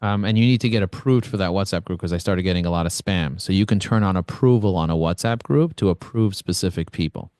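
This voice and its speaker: A man from Brooklyn, New York, coaching an online group on a video call with blunt, energetic, conversational talk. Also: low voice, quick pace, hardly any pauses, no room sound. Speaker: networking coach, host.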